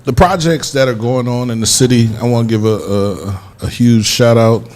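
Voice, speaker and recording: A man's voice: mid-range voice, normal speed, darkish tone. A man hosting a casual radio interview, emotional and choked up, talking in a heartfelt, rambling way. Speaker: radio show host.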